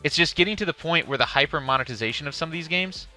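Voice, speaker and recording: A man's voice: a little high, animated, fast talker, bright, forceful tone, faint music behind. A man streaming live, giving casual, profane commentary on a game showcase and reading chat questions aloud.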